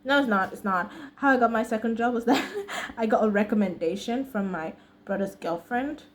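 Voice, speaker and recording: Higher-voiced woman, slangy American storytime. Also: moderate pace. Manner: chatty, slangy, laughs often between sentences. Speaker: vlogger. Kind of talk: casual storytime.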